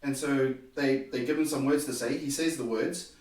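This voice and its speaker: A man, a podcast guest, telling a personal story in an animated way and acting out the dialogue. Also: mid-range voice, normal speed. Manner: animated, acts out quoted dialogue. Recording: very echoey room, distant mic.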